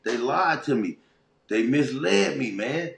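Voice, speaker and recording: Gravelly streetwise man from Los Angeles. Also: mid-range voice, takes it slowly, roomy sound, a little hiss or hum. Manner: animated, streetwise, heartfelt. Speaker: interview guest. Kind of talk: casual storytelling.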